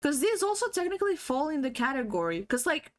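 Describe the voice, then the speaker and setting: High-voiced rambling woman streamer. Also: sing-song, fast. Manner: rambling, giggly, swears freely; many fillers and restarts. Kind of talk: casual livestream chat. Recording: faulty stream audio.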